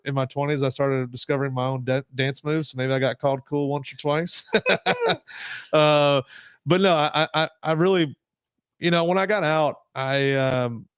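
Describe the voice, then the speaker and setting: Rambling man with a crisp voice. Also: medium pitch, dry recording, studio quality. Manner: rambling, many restarts and fillers. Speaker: podcast guest, Marine veteran. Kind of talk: casual storytelling interview. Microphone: desk podcast mic.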